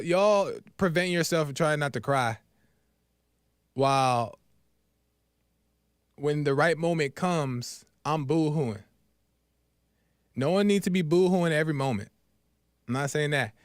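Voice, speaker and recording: A man's voice: on the high side, dry recording, clean studio sound. A man hosting a live call-in faith talk show, preachy and encouraging, repeating his key phrases. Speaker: host.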